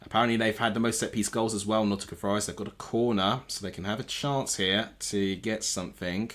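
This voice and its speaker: Man, lowish voice, live football reaction, excitable, self-correcting chatter at home. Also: a little fast. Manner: excitable, thinks aloud and corrects himself. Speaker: football watchalong streamer. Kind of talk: live match reaction commentary. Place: home room with TV.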